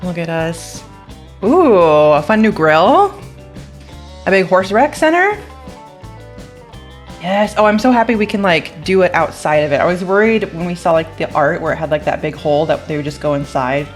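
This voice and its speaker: A woman's voice: lowish voice, fairly quick, soft background music. A young woman YouTuber reacting to a game trailer in a bubbly, chatty way, gasping and giggling as she talks. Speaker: gaming YouTuber.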